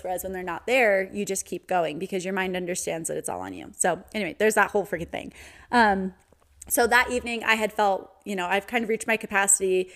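A woman's voice: medium pitch, fairly bright tone. A woman in her thirties hosting a solo podcast, talking in a casual, candid way and laughing often. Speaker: podcast host.

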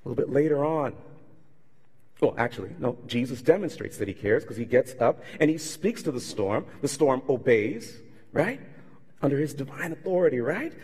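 A male pastor with a medium-pitched, slightly rough voice preaches at normal speed in a reverberant hall. He tells stories animatedly, acting out the people in them with voiced impressions.

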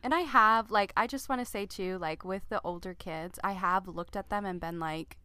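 A middle-aged woman with a smooth, resonant voice talks earnestly about parenting. Her voice sounds dry and close, and she muses with plenty of fillers. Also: medium pitch, normal speed, bright, forceful tone, dry recording. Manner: earnest, reflective, with many fillers. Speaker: podcast co-host. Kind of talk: casual parenting chat.

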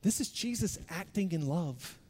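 A man preaching a sermon in a conversational, self-deprecating way, moving between quiet asides and louder bursts. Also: high-pitched, lively intonation, normal speed, husky, long reverb tail. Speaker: pastor.

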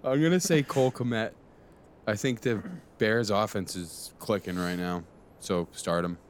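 Joking male co-host with a lowish voice. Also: a little slow, a little hiss or hum. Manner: joking, swears casually. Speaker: podcast co-host. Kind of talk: casual chat.

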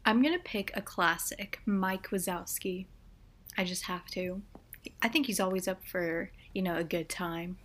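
A young adult woman co-hosting a casual chat, reading out quiz questions in a relaxed, chatty way. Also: fairly low pitch, unhurried. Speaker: co-host.

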